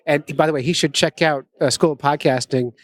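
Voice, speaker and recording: A man's voice: on the high side, fairly even intonation, brisk. A man hosting a casual podcast chat at a conference table, joking and teasing himself. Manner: joking, self-deprecating. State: nervous. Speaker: podcast host.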